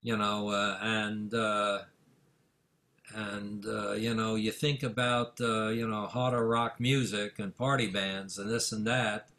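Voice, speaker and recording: An older man, a music manager, telling a story in an interview, full of fillers and acting out the dialogue with rising excitement. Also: lowish voice, slow. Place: office in Manhattan.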